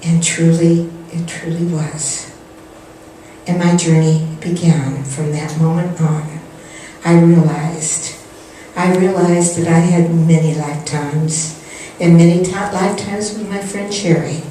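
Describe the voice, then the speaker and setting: A woman's voice: lowish voice, steady tone, slow, mellow, slight background noise. Older female spiritual teacher telling a heartfelt story in a big echoey hall, mic at a distance. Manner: earnest storytelling, acts out quotes. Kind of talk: personal story in a spiritual talk.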